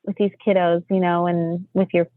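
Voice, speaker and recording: A woman telling a family story in a chatty, animated way, laughing often. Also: lowish voice, normal speed, no echo. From United States. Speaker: podcast guest, homeschooling mother. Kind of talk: casual storytelling. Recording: tinny phone-line sound, dry.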